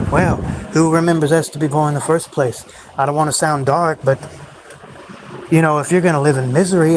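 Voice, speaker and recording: A man's voice: on the high side, a little hiss or hum, poor audio. A man hosting a solo livestream, rambling in a brooding, bitter way about life. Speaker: livestream host.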